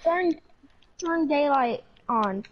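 Slow-talking high-voiced bossy gamer woman. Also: lively intonation. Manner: bossy, giving orders in game. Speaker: game player. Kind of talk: casual game chat. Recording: dull lo-fi mic.

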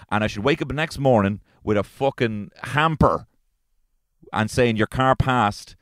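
A man's voice: fairly low pitch, dry recording. A man with an Irish accent hosting a solo comedy podcast from inside his car, ranting in an exasperated, profane way. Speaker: podcast host.

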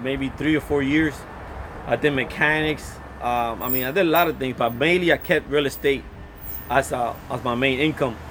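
A man's voice: mid-range voice, fairly bright tone, a little hiss or hum. A middle-aged man hosting a casual live stream from his phone, rambling and reading out viewer comments. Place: Florida.

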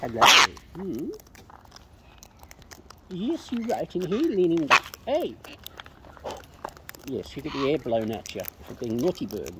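A woman's voice: sits low, very animated, slow, pauses often. A woman chatting playfully to wild birds as she feeds them outdoors, cooing and teasing them. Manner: coos and baby-talks to birds, playful. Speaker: vlogger feeding wild birds. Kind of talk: casual chat to birds. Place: outdoors at a bird feeding spot. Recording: noisy outdoor audio with bird sounds. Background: birds chattering and clicks.

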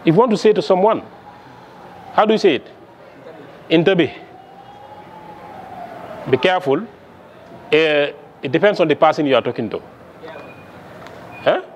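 Male Arabic lecturer, fairly high voice, questioning his class, faint background hum. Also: lively intonation, normal speed, long pauses. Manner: quizzing students with frequent "okay?" checks. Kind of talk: classroom lesson.

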